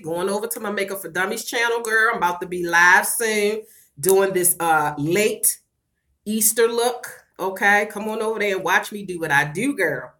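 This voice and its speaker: Her mid-range voice sounds pushed and bright as this middle-aged Baltimore woman talks to her livestream audience. The vlog is casual, and she's sassy and talkative, calling people girl and child, with a Baltimore, USA accent.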